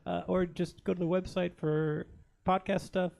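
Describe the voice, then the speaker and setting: A man with a fairly high voice speaks offhand on a comedy panel. He plugs his projects casually and chuckles between lines. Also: little pitch movement, moderate pace, vocal fry, darkish tone. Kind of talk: casual plugging and banter.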